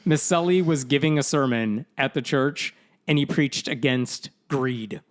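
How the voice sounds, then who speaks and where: A man hosting a podcast, casually retelling news stories with animated, sarcastic asides. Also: mid-range voice, a little slow. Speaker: podcast host.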